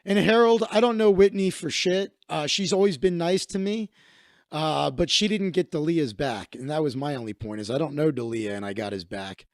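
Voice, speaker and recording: A man's voice: fairly high pitch, moderate pace, dry recording, clean studio sound. A comedian hosting a livestream, a man telling stories in casual, rambling, profane chat with many restarts.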